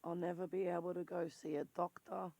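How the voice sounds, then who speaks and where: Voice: mid-range voice, little pitch movement, brisk, creaky, a little mellow, no echo. Blunt, swearing Australian in their forties. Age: 40s. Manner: blunt, swears freely, intense and rambling. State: voice worn, turns squeaky when worked up. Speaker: vlogger. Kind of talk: candid personal monologue.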